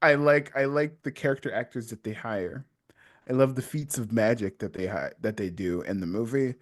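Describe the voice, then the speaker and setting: A man's voice: mid-range voice, normal speed. A man guesting on a podcast, chatting casually and playfully taking the contrary side. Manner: playful contrarian, swooping expressive delivery.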